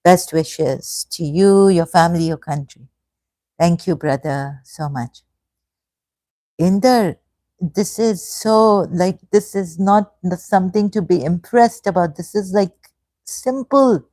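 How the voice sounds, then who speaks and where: A woman in her fifties hosting a casual livestream, halting and hesitant, full of restarts and effusive thanks. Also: lowish voice, mellow, no echo. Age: 50s. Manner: emotional, effusively grateful. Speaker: livestream host. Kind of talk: casual livestream chat reading comments.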